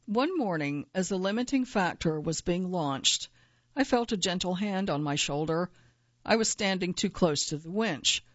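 A woman reading her own first-person nonfiction essay aloud in a measured, earnest way, at times quietly angry. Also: lowish voice, animated, dry recording, muffled recording.

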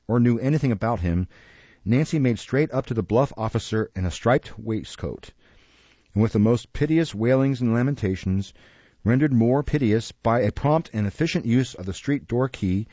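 An audiobook narrator with a mid-range voice reads a classic novel aloud in a measured, expressive storybook manner. The recording is close, dry and dull, with a lo-fi quality.

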